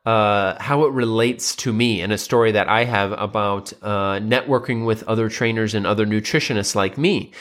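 A man's voice: mid-range voice, fairly bright tone. A young adult man hosting a solo podcast, casually retelling a story with lots of uh and you know fillers. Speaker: podcast host.

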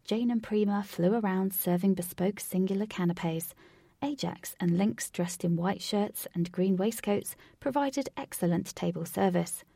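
A woman narrating a storybook, unhurried, now and then dropping to a whisper. Her voice is mellow and gravelly with a husky edge. The recording is dry and close. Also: medium pitch, no echo.

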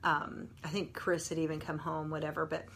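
A woman's voice: low voice, flat delivery, a little fast, vocal fry, fairly bright tone, slight background noise. A woman, a nurse and mother telling a personal story as an earnest, conversational devotional talk.

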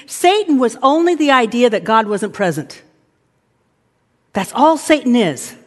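A woman preaching a lively sermon, acting out inner voices and now and then shouting commands. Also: sits high, unhurried. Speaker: pastor. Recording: reverberant hall.

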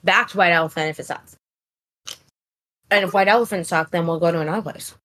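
A woman's voice: on the low side, fast talker, fairly bright tone. A woman co-hosting a podcast in casual chat, talking in an enthusiastic, rambling way with lots of "like". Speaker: podcast co-host.

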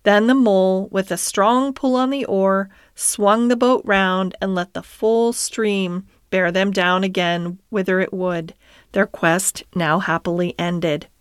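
A woman narrating a classic children's storybook in a calm, measured reading voice. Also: medium pitch, clear, resonant tone, no echo, studio quality. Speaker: audiobook narrator.

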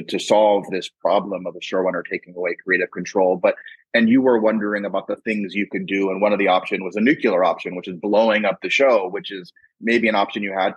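Low husky-voiced man asking questions. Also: dry recording, muffled recording. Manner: thoughtful, rambling questions with restarts. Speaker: podcast host. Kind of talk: interview questions.

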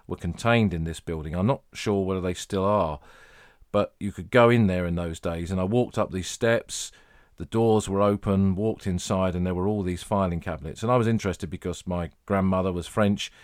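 A middle-aged English man hosting a history podcast, telling battlefield anecdotes in a measured storytelling manner. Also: sits low, no room sound, studio quality. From England. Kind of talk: podcast narration, guided tour talk.

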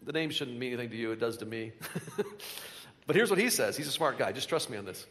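A man's voice: medium pitch, animated, quick pace, fairly bright tone, in a large hall. A man preaching to a congregation, talking conversationally and building to emphatic bursts with repeated phrases. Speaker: pastor. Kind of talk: sermon. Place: large hall with a live congregation.

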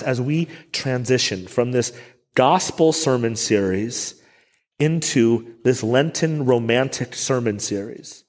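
A man's voice: mid-range voice, a little mellow. Middle-aged male pastor, conversational sermon. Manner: conversational preaching with self-deprecating asides. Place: church sanctuary. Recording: long church reverb.

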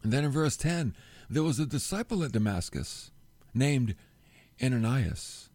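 A middle-aged man preaching a sermon, telling the story with animated delivery and acting out the quoted lines. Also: medium pitch, measured pace, no echo. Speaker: pastor.

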